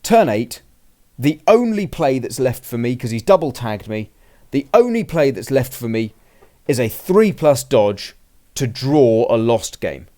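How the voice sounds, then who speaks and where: A man's voice: mid-range voice, big pitch swings, measured pace, mellow. Man rambling through a game recap. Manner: rambling, restarts, acts out his own and his opponent's lines. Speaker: podcast host recounting a game. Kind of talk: casual chat, play-by-play recap.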